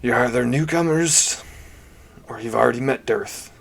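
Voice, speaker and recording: A man's voice: mid-range voice, normal speed, creaky, natural voice. A man voicing a burly bearded male duergar who speaks in a grudging, plainspoken way in a tabletop game.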